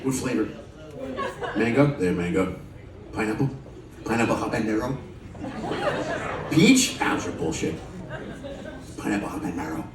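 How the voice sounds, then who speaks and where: A man's voice: on the low side, expressive, measured pace, pauses often, reverberant, far from the mic, a loud crowd. A man doing stand-up comedy in a show lounge, loose and profane, teasing the audience between jokes. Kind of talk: stand-up comedy with crowd work. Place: cruise ship show lounge with a live audience. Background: audience laughter.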